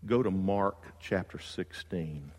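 A lower-pitched man preaches a sermon in a church. He tells a story with animated excitement and then sinks into slow, quiet earnestness. His voice carries a long reverb tail from the hall. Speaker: pastor.

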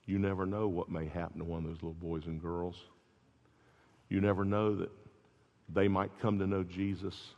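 Man, pastor, gravelly voice, sermon storytelling, long hall reverb, dull lo-fi sound. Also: sits low, normal speed, pauses often. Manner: animated storytelling, builds to loud peaks then drops soft.

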